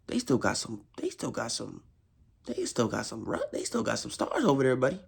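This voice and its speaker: A young man, a frustrated football fan, ranting in casual slang, repeating himself and swinging his voice high in exasperation. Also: huge pitch swings, fairly quick, creaky, husky. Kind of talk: casual rant.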